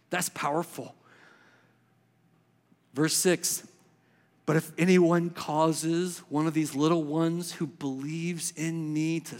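Fervent male pastor in a reverberant church. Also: on the high side. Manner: swings between fast emphatic bursts and slow hushed lines. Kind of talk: sermon. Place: church sanctuary. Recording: long reverb of a church hall.

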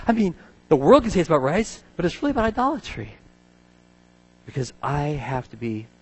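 A middle-aged man preaching a sermon, telling stories with animated swings from loud excitement down to low murmurs. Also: vocal fry, breathy edge, poor audio. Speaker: pastor.

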